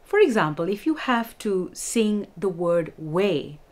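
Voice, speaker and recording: A woman's voice: medium pitch, animated, slow, darkish tone. Woman teaching vocal technique. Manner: explains clearly and demonstrates vocal techniques. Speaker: vocal instructor. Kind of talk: music lesson with sung demonstrations.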